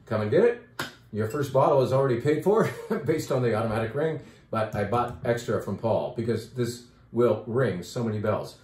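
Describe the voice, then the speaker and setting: A man's voice: mid-range voice, darkish tone, echoey room. A man who runs a wine shop, chatting enthusiastically about the wines on offer in a casual, rambling way. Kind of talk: casual wine talk video.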